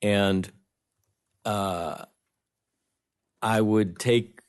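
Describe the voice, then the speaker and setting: A man, a guest film director, telling anecdotes in a lively way and acting out the lines of the people in them. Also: on the low side, drawn-out words, smooth. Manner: animated storyteller, acts out dialogue. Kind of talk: anecdotal storytelling.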